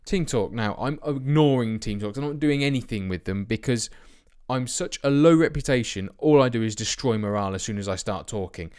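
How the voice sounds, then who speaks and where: A man's voice: mid-range voice, brisk, few pauses, a little mellow, clean tone. Chatty self-mocking man. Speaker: let's play host. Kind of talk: casual game commentary.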